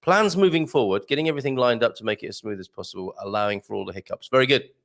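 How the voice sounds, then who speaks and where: This male host of a live morning show jokes his way through viewer comments, full of ums and frequent laughter. He speaks very fast in a mid-range, creaky voice with a slightly bright edge.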